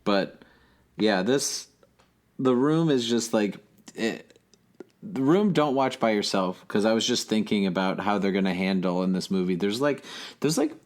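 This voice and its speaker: A man co-hosting a podcast in casual chat, telling stories in a chatty, animated way. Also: fairly low pitch, a little slow. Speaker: guest co-host.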